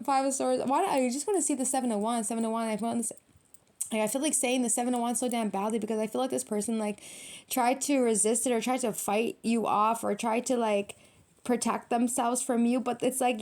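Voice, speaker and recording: Slightly high, slightly quick and a little mellow, this tarot reader's voice belongs to a young adult woman. Her casual reading is frank and foul-mouthed, packed with street slang and emphatic repetition.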